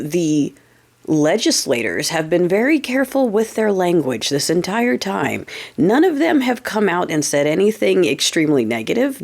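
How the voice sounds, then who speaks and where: A woman's voice: sits low, a little mellow. A woman from the United States hosting her own political commentary vlog, casual and sarcastic, swearing freely and often checking in with "okay?".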